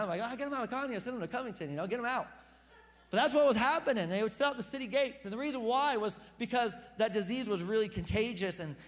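A man preaching a casual, conversational sermon as pastor, joking with the congregation and repeating words when he gets excited. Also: high-pitched. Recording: long hall reverb.

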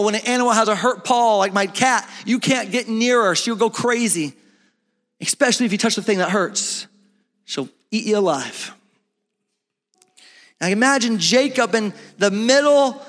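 A man with a high voice preaching in a church hall, his words trailing off in a long echo. He swings from shouted peaks down to low, soft talk. This is a pastor's sermon.

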